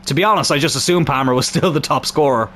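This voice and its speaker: A young man with a high voice and a slightly sore throat narrates his football video game. He calls the play calmly, then erupts into shouting and swearing when goals go in. A faint hiss of noise sits behind him. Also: fast talker. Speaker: gaming YouTuber. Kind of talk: excitable football game commentary.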